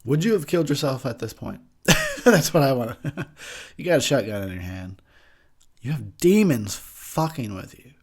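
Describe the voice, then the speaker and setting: A man's voice: mid-range voice, wildly swooping pitch, moderate pace, breathy edge. A young man giving crude, joking commentary over a movie while drinking beer, laughing often. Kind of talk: casual drunk movie commentary.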